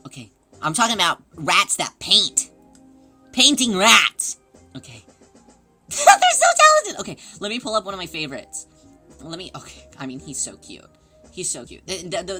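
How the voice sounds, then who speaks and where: A woman livestreamer chatting casually with her viewers, excitable and gushing as she greets people in chat. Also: deep voice.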